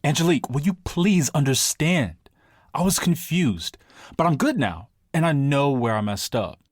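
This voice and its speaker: A man's voice: fairly high pitch, expressive, normal speed, no echo, studio quality. A man playing a pleading boyfriend who wants his girlfriend back, wheedling and apologetic.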